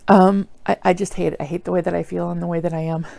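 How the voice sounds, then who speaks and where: A woman's voice: lowish voice, little pitch movement, fast, creaky, mellow, no echo. A middle-aged woman talking earnestly and apologetically in a rambling personal video diary, full of fillers. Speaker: vlogger.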